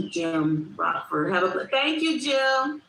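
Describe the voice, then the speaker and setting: A woman's voice: medium pitch, sing-song, slow pace, a bit bright. Chatty woman hosting a livestream. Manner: repetitive, reflective, talks to chat directly. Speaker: livestream host. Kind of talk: casual livestream chat reading comments. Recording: echoey room with faint background noise.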